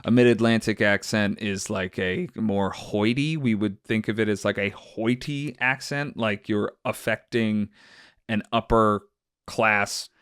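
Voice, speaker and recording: A man's voice: lowish voice, unhurried, a bit bright, clean tone, no room sound, clean studio sound. A man co-hosting a casual chat, rambling and filling his talk with likes and ums. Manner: rambling, lots of fillers. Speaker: podcast co-host.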